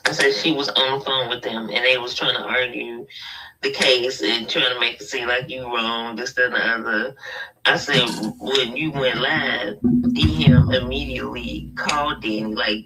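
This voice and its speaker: A man tells gossip in a loud, profane way and acts out the other people in the story. His voice is bright and sharp. He sits away from the mic, and a faint hiss runs under him. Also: mid-range voice, unhurried. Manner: animated, profane, quotes others in raised voice. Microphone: video call. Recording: distant mic with faint noise.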